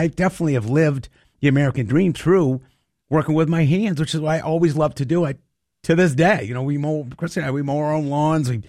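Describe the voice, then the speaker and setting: A middle-aged man talks with earnest, folksy conviction in an interview, often saying "you know" as he drives his points home. His voice sits at an ordinary middle pitch. It is recorded close and dry, with no room sound around it. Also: darkish tone, no echo. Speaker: interviewee, trades advocate. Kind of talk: conversational interview.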